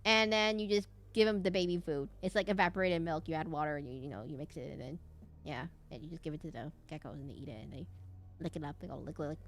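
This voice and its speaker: A woman's voice: sits low, fast talker, slight background noise. A young woman streaming a game and chatting casually, rambling off on tangents with lots of fillers and restarts. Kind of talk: casual gameplay stream chat.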